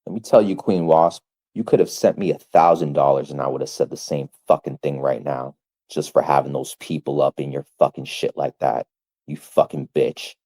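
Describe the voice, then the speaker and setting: A man's voice: extremely low pitch, normal speed, mellow. A man livestreaming an angry, profane rant, hammering the same insults over and over.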